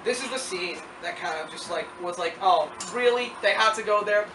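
Rambling excitable reviewer in an echoey room. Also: mid-range voice, normal speed, recorded from a distance. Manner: rambling and excitable, full of "like" and acted-out quotes. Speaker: movie reviewer. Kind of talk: casual film review chat. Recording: echoey room from off-mic with noise.

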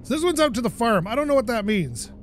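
A man with a high voice that swings widely in pitch, commentating his own gameplay. He talks to himself and swears when a moment goes wrong. Faint game sounds sit behind him. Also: fast, a little hiss or hum. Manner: animated, self-talking, swearing when frustrated. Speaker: gaming channel host. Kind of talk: let's play commentary.

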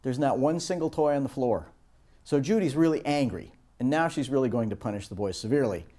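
A middle-aged instructor delivers a recorded lecture on project teamwork in a mellow, relaxed tone at ordinary middle pitch and a fairly quick pace. He tells stories and raises his pitch to act out the voices of the people he quotes.

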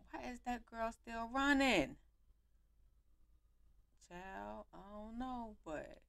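A young woman giving animated, slangy commentary while playing a life-sim game on her home mic. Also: a little high, creaky, no echo. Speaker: gaming YouTuber. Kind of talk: let's play commentary.

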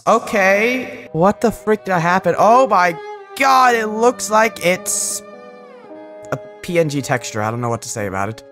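A gamer giving rambling, excitable let's-play commentary, swinging between loud outbursts and mumbled asides. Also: mid-range voice, unhurried. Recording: voice over game music.

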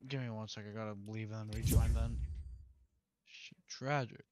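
A man's voice: lowish voice, fairly even intonation, moderate pace, background noise. A young man playing games with a friend on a livestream, talking bluntly and swearing a lot. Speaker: co-player on stream. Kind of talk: casual gaming chat.

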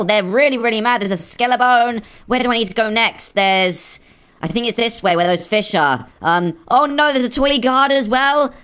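Male gamer, voice pitched up by a filter, jumpy and excitable. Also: moderate pace, clean tone. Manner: excitable, jittery, nervous exclamations. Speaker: gaming video creator. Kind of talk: playing through a game adventure.

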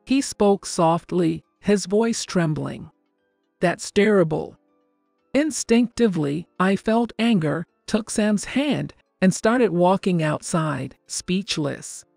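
An older woman narrating a first-person family story in a calm, even, scripted storytelling delivery. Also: lowish voice, slow, creaky, few pauses, no echo, studio quality. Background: faint background music.

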